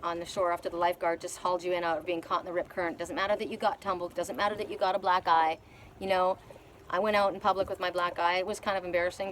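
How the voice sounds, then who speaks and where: A woman's voice: mid-range voice, fairly bright tone, slight background noise. An older woman giving a spiritual oracle card reading in an earnest, rambling way, often repeating words and restarting sentences.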